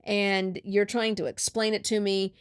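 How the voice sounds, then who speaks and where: A woman podcast host in a casual chat, retelling a story with lively acted-out dialogue. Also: medium pitch, measured pace, clean tone, no room sound, studio quality.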